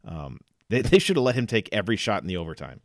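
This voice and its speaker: Male sports-pod co-host, lower register, dry close mic, chatty and stat-heavy. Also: very animated, quick pace, no echo. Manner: rattles off stats with fillers and laughs. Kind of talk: casual sports chat.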